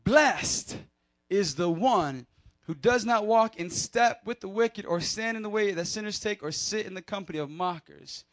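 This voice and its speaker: A man giving a playful, energetic sermon to a youth crowd, leading call-and-response and laughing with them. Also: high voice, moderate pace. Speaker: youth pastor.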